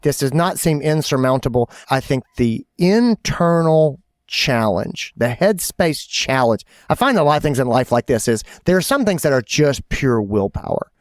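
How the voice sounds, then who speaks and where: A man's voice: medium pitch, lively intonation, normal speed, no room sound, clean studio sound. A middle-aged man co-hosting a podcast in casual chat, telling a story and acting out his own quotes with energy. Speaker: podcast co-host.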